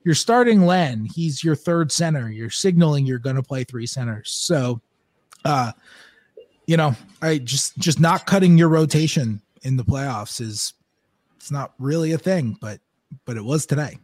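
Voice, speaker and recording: Fairly high-voiced man thinking aloud. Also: animated, unhurried, a little mellow, no echo. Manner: thinking aloud, restarting and stumbling on words. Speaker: podcast panelist. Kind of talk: casual sports analysis.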